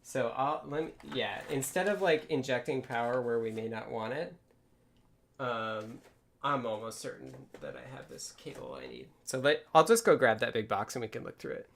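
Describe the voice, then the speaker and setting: A man's voice: mid-range voice, lively intonation, normal speed, gravelly, fairly bright tone, slight background noise. A man hosting a casual live stream from his home workspace, thinking aloud and explaining things step by step. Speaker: livestream host.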